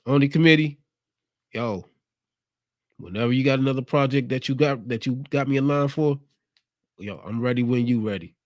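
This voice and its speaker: Man, show host, casual motivational monologue, streetwise, mid-pitched voice, dry close sound. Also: normal speed, pauses often, dry recording, highs cut off. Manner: laid-back, streetwise, preachy.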